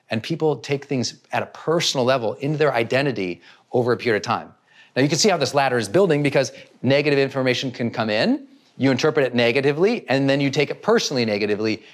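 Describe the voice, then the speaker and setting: Man giving an animated motivational talk. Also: fairly high pitch. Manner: animated, acts out inner thoughts in asides. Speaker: self-help speaker.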